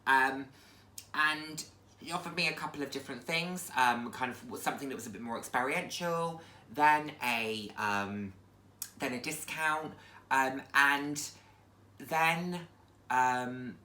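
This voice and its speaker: Low-voiced woman in a roomy echo. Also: takes it slowly, pushed and bright. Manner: chatty, reflective, many ums. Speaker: vlogger. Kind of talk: casual chat to camera.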